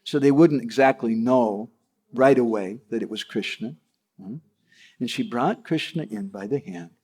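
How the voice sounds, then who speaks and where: A man's voice: medium pitch, moderate pace, a little mellow, husky. A man giving a devotional talk, telling stories animatedly and checking in with his listeners. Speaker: devotional storyteller.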